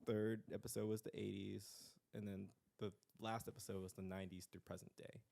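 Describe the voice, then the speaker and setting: A man's voice: fairly low pitch, level tone, a little fast, vocal fry, warm tone. A young man co-hosting a podcast in casual, easygoing chat. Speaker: podcast co-host.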